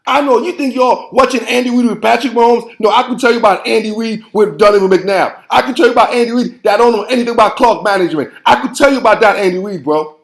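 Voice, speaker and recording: A man's voice: very high-pitched, fast talker, creaky, few pauses, echoey room. Fired-up man ranting about football. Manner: fired-up, preachy, repeats phrases and says "man" constantly. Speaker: sports show host. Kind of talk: heated football commentary.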